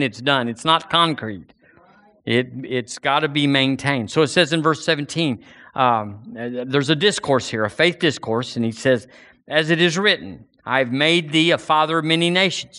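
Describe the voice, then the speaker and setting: A man's voice: medium pitch, sharp tone. A man preaching a sermon with passion, rising into fervent outbursts.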